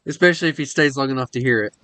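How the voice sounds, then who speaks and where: Bright-voiced joking man. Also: mid-range voice, very fast, dry recording. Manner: joking, slips into mock accents. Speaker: gaming channel host. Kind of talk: casual gameplay chat.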